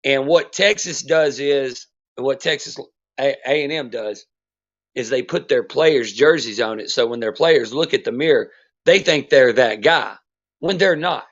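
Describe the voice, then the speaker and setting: A man's voice: mid-range voice, unhurried, fairly bright tone. Profane ranting man, lo-fi sound. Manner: profane, blunt sports rant. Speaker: podcast host. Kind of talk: casual ranting monologue. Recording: dull lo-fi sound.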